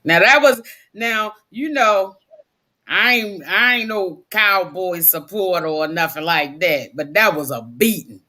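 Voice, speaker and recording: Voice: medium pitch, animated, a little slow, bright, forceful tone. A co-host in a casual sports podcast, trading teasing banter about football games.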